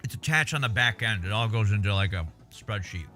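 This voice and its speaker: A man's voice: fairly low pitch, animated, a little fast, sharp tone, soft background music. A man chatting casually on a livestream, laid-back and swearing freely while he eats.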